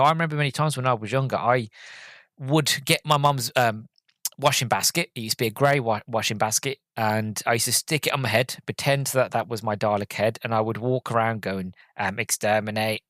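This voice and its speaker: A man's voice: medium pitch, fairly bright tone, no room sound. Earnest man, dry close sound. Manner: earnest, heartfelt and rambling, with many restarts. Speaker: podcast host. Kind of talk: casual film review.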